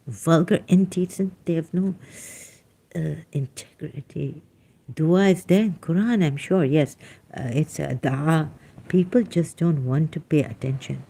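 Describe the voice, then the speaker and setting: Casual stream host, woman, middle-aged; unhurried, mellow tone, emphatic with fillers. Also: low-pitched, vocal fry, breathy edge. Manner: animated, emphatic, frequent fillers. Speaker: livestream host reading chat. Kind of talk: casual livestream commentary.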